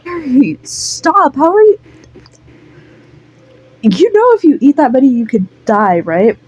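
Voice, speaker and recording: A woman's voice: sits high, very animated, slow pace, dark tone, pitched above the performer's own voice, exaggerated voice. Woman doing a bossy scolding teen girl.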